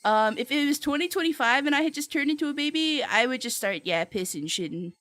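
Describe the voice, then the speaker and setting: A young woman streamer chatting casually with her viewers, giggly and playful, loudly reacting to chat. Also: sits high, lively intonation, brisk, dry recording.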